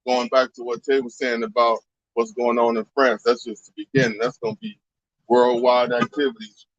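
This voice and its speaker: A man reading scripture aloud in a measured way and then chatting plainly. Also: mid-range voice, expressive, creaky, no echo. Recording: dull lo-fi sound.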